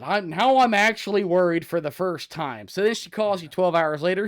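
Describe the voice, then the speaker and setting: A man around forty from Ohio, co-hosting a podcast and telling loud, animated stories in casual chat. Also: fairly high pitch, moderate pace, few pauses. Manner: loud, animated storyteller, acts out scenes. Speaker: podcast co-host.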